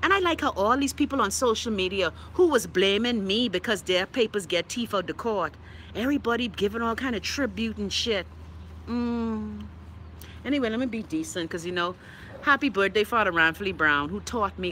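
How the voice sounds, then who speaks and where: A sassy Bahamian woman hosts a casual live stream and reads her viewers' comments aloud. She talks bluntly, swears freely and laughs often, and her voice has a bright, forceful edge. A faint noise runs under her. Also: mid-range voice, normal speed. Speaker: livestream host reading viewer comments.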